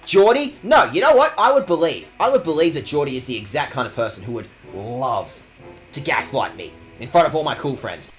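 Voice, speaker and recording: A young man with a medium-pitched, sing-song voice streams a video game at a slightly fast clip, with faint music in the background. In casual let's-play style, he swears, reads the game text aloud in mock outrage, and talks to chat.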